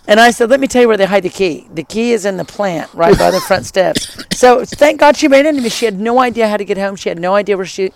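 A middle-aged former high school teacher telling a travel story in casual chat, lively and enthusiastic, with many asides. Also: fast talker.

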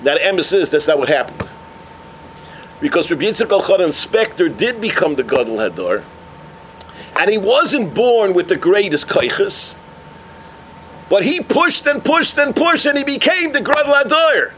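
A male rabbi teaches a Torah class through animated storytelling, sprinkling Yiddish and Hebrew terms through his English. His voice is unusually high and bright. A faint hiss sits underneath. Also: moderate pace.

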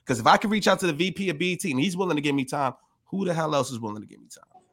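A man hosting a podcast, telling his own story in an energetic, slangy way. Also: a little high, racing, slight background noise. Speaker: podcast host. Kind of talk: casual podcast conversation.

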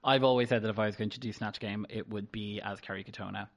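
A man co-hosting a podcast in a casual, gossipy chat, animated and often tripping over his words. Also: lowish voice, fast talker, creaky. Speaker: podcast co-host.

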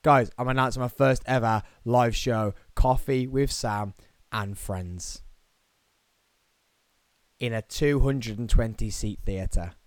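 On his solo podcast, an English host with a Birmingham accent keeps things chatty and playful, tossing in fast jokes. He speaks at a middle pitch, recorded close and dry without echo.

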